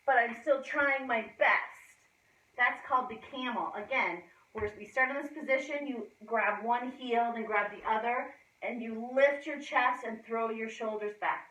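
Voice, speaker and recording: Woman instructor with a fairly high, bright, sharp voice, upbeat and encouraging with kids, recorded from a distance in an echoey indoor gym. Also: unhurried. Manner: encouraging, upbeat, sing-song cues to children. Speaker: gymnastics instructor. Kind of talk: demonstrating a kids' gymnastics class.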